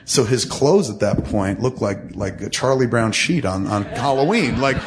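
A man's voice: medium pitch, expressive, normal speed, a crowd in the background. A man casually telling a long, profane, rambling anecdote into a mic, acting out the other people in it. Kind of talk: casual storytelling chat. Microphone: studio mic.

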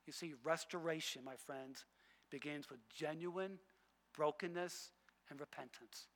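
High, bright-voiced preacher in a reverberant hall. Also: male voice, unhurried. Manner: emphatic, repeats phrases, swings between loud and hushed. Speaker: pastor. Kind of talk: sermon.

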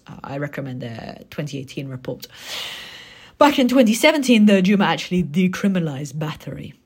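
A woman giving a spoken book review in a thoughtful, conversational way, with soft muttered asides. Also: lowish voice.

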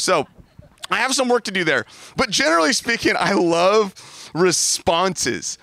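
A man in his thirties, a pastor preaching outdoors by the water, telling lively family stories and doing playful voices for his kids. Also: high voice, moderate pace, no room sound. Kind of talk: sermon. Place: outdoors by a large body of water.

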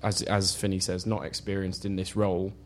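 A man's voice: low-pitched, little pitch movement, fairly quick, a little hiss or hum. A man on a football podcast panel, giving opinions in casual chat with frequent "you know" fillers.

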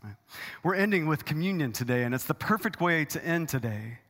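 A male pastor delivers an impassioned sermon in a church auditorium, his fairly high voice climbing for emphasis. The long reverb of the hall trails after each phrase. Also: lively intonation, fairly quick. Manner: dramatic preacher, swings loud and high for emphasis.

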